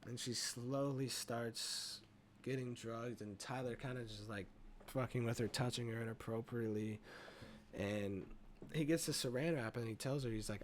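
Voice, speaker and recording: A man's voice: medium pitch, moderate pace, a little hiss or hum. A man casually retelling a movie plot in a rambling review, swearing freely and leaning on fillers. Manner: rambling, profane, full of fillers like "you know".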